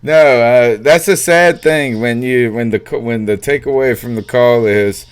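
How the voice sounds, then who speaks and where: A man's voice: mid-range voice, measured pace, clear, resonant tone. Laughing man hosting a fan call-in. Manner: laughing, chatty, takes calls. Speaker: podcast host. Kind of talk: casual call-in show hosting.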